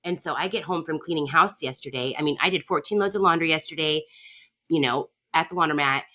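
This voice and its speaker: A woman's voice: sits low, a little fast, bright, forceful tone. A woman hosting a podcast, chatting casually and telling a long family story with lots of fillers. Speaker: podcast host. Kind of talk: casual chat.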